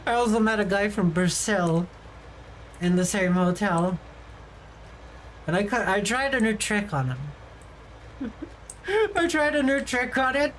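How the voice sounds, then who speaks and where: Slow, chatty woman streamer who laughs a lot. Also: mid-range voice, animated, slight background noise, rough recording. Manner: chatty, laughs often mid-story. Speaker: VTuber streamer. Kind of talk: casual stream chat, storytelling.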